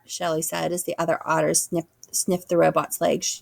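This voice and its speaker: A woman reading a children's book aloud with expressive storytelling. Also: sits low, moderate pace, creaky, hardly any pauses, no echo. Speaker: reader.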